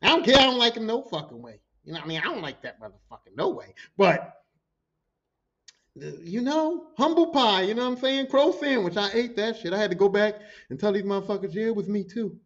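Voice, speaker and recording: Profane, animated man telling work stories. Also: high-pitched, fairly quick, dull audio. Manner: profane, animated, acts out quotes. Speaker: podcast host. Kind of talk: storytelling.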